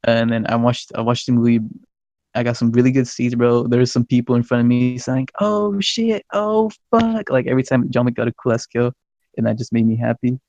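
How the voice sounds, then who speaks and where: A young man, a podcast co-host, telling a story in casual chat, excitable and swearing a lot, laughing as he goes. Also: mid-range voice, quick pace, dry recording, lo-fi sound. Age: young adult.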